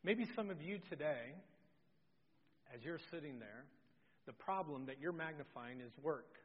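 A middle-aged man preaching a sermon as pastor, telling a family story, animated, and swinging from loud to very soft. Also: fairly high pitch, a little slow. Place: church. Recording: dull sound with long hall reverb.

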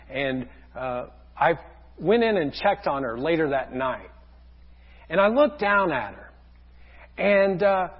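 A man preaching a sermon as a pastor, earnest, often dropping to a soft low voice. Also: lo-fi sound.

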